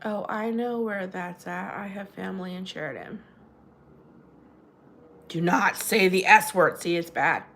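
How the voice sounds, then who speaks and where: A woman hosts a casual livestream from home, chatting loosely with her viewers. She laughs often and her voice jumps up brightly when she greets someone by name. Her delivery is relaxed and conversational. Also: on the low side, measured pace, vocal fry, pauses often. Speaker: livestream host. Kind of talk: casual livestream chat reading comments. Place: home in New Jersey.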